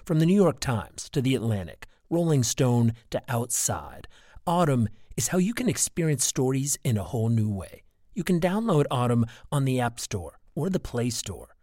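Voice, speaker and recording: Lively man reading a promo. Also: medium pitch, normal speed, no room sound, studio quality. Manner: smooth, upbeat promotional delivery. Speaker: announcer. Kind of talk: scripted promo read.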